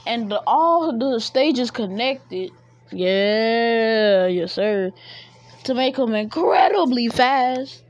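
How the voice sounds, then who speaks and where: A woman's voice: fairly high pitch, lo-fi sound. A woman casually telling a made-up fan story, rambling and slangy with many fillers.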